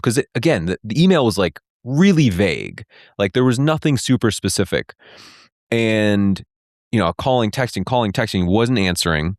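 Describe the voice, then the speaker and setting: A man's voice: lowish voice, very animated, normal speed, dry recording, clean studio sound. A man in his thirties telling a personal story in an interview, acting out the dialogue and filling his speech with "like". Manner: retelling with quoted dialogue, many "like" fillers. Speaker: interview guest.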